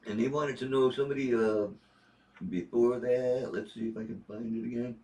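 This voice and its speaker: A man in his sixties from Ohio with a deep bass voice, chatting casually and rambling through stories on a livestream. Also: level tone, normal speed, a little mellow. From Northeast Ohio. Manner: rambling, easygoing storyteller. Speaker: guest on a livestream reading viewer messages.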